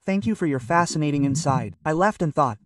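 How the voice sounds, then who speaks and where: A man's voice: on the high side, animated, brisk, no echo, studio quality, distant mic. An older man from Russia, a magazine publisher, talking in a hesitant, rambling way full of fillers in a casual interview.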